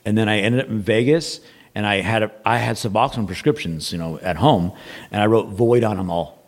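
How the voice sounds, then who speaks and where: Podcast guest, male, low and gravelly, loose rambling storyteller. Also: brisk. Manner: rambling, repeats words, quotes others in dialogue. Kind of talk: casual storytelling.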